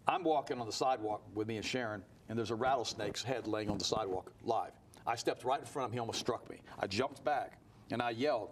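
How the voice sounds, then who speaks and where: A man's voice: medium pitch, quick pace, a little hiss or hum. A man as a guest on a studio talk show, talking heatedly and telling a story at speed. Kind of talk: animated talk-show interview.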